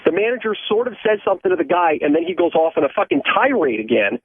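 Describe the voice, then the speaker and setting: A man's voice: high voice, big pitch swings, fast, husky, dry recording. A man from Ohio calling in to a show, telling an angry, profane story about his family. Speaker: caller. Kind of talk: phoned-in story. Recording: tinny dry phone line.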